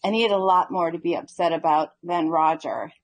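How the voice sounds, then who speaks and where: A woman's voice: fairly low pitch, a little fast, no echo. Chatty woman leaving a voicemail. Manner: chatty, upbeat review. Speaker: voicemail caller. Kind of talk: casual recorded voice message.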